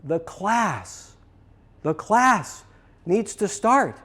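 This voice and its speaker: A man speaking as his delirious elderly father in intensive care, in halting, repeated fragments. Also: high-pitched, sing-song, a bit bright, pitched above the performer's own voice, full character voice. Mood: agitated.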